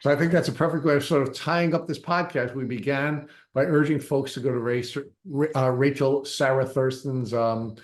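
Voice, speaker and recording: A man hosting a podcast, talking in a halting way with many restarts and uhs. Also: medium pitch, steady tone. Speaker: podcast host. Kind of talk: casual interview chat. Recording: echoey room.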